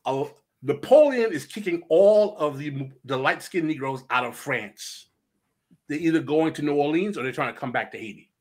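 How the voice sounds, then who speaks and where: A man, a guest author on a podcast, telling history in an animated way and acting out the quotes. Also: on the high side, moderate pace. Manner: animated storyteller who acts out quotes. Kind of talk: podcast conversation.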